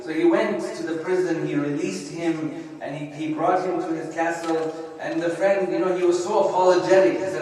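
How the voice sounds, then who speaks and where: A man's voice: on the high side, steady tone, moderate pace, hardly any pauses, darkish tone. Man preaching in an echoey hall. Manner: conversational, often adds tag questions "right?" and "yeah?". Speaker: sheikh giving a religious lecture. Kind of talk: sermon. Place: Islamic center lecture hall. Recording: echoey hall, heard from a distance.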